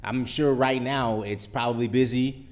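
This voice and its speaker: A man's voice: medium pitch, fairly even intonation, measured pace. A man hosting a podcast in casual chat, easygoing and agreeable as he answers his guest. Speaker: podcast host.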